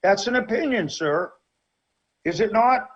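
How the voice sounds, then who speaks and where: A man's voice: high-pitched, lively intonation, measured pace, slightly rough. A man on a city council, questioning the law director insistently in a council meeting debate. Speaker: council member. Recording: dull lo-fi sound.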